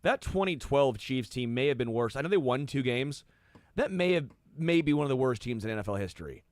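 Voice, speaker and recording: A man co-hosting sports radio, teasing his partner with quick jokes in casual banter. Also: mid-range voice, lively intonation, no room sound, studio quality.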